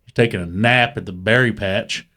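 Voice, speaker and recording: A man's voice: lowish voice, normal speed, sharp tone. A man telling old stories in casual podcast chat, swearing all the time and laughing as he talks. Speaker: podcast host.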